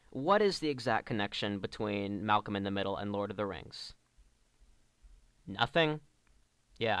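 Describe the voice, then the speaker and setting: A man's voice: mid-range voice, sharp tone, clean tone, no room sound. A man delivering a scripted comedic review rant as an online reviewer, sarcastic and exasperated.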